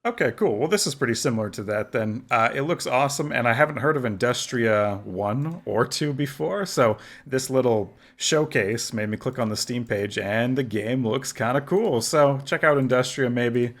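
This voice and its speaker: A man's voice: medium pitch, moderate pace, few pauses. Easygoing man leading a gaming podcast. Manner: easygoing, leads the segments with curious questions. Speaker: podcast host. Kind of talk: casual podcast chat.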